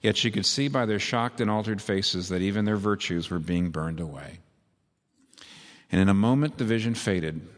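Preacher with a long hall echo. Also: male voice, fairly low pitch, brisk, few pauses. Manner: vivid storytelling, emphatic. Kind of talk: sermon.

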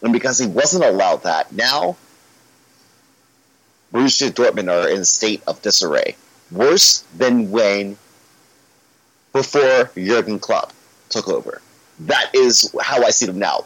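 Man, podcast guest: lively, rising pitch, gets ranty, dry close sound. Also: unhurried, long pauses, no room sound, poor audio. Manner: animated, ranty, swears when worked up. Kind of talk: casual football podcast chat.

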